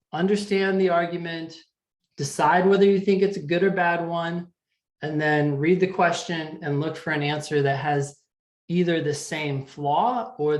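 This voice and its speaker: A man's voice: fairly high pitch, roomy sound. A man teaching a live test-prep class, explaining step by step in a conversational way and often checking in with the students. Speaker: LSAT teacher.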